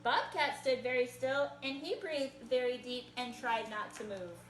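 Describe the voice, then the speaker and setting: A woman reading a picture book aloud to children in an animated, encouraging way and asking them to join in. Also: high-pitched, a little slow, slight background noise. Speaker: storytime reader. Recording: echoey room.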